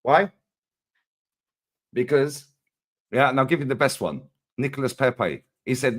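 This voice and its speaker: A man co-hosting a casual football chat, ranting in an animated, slangy way. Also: mid-range voice, moderate pace, pauses often. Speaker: co-host.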